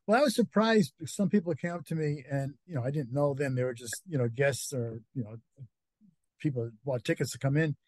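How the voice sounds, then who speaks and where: A man's voice: mid-range voice, a little fast, darkish tone, no room sound. A middle-aged man with a Northeastern US accent, a guest author chatting casually in an interview, with many fillers and easy laughs. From Connecticut.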